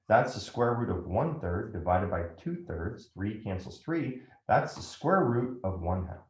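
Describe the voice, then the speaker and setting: Lively low-voiced man teaching math. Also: unhurried, few pauses, reverberant. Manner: step-by-step, asks frequent "right?" checks. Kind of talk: classroom lecture at a whiteboard.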